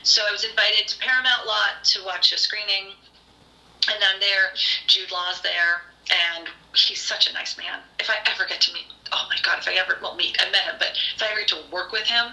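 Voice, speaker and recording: Bright-voiced woman telling stories. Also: medium pitch, a little fast, echoey room, low-quality recording. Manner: gushing, animated storyteller with many fillers. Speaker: podcast host and screenwriter. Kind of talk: casual storytelling chat.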